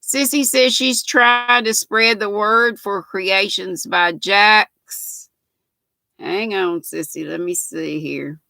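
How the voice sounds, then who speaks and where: An older woman, speaking slowly in a bright, gravelly voice. She chats in a homespun way, reading out viewers' comments and greeting them one by one. The sound is dry and close. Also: medium pitch, no room sound. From North Carolina, US. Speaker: livestream host. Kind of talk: casual chat, reading out live chat comments.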